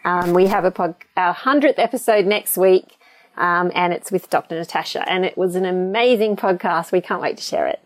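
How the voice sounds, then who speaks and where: A woman's voice: fairly low pitch, moderate pace. A woman co-hosting a podcast, teasing and laughing along in casual chat. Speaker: podcast co-host.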